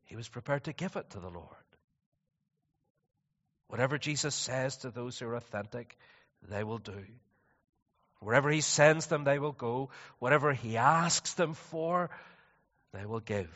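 A man preaching a sermon, moving between quiet, reflective passages and loud, animated stretches. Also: medium pitch, unhurried, pauses often. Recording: dull, slightly distant sound with long reverb.

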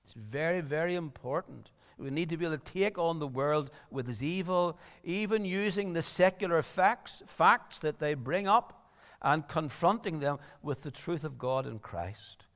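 A man's voice: a little high, animated, normal speed, fairly bright tone, long reverb tail. A man preaching a sermon, earnest and rising to emphatic appeals.

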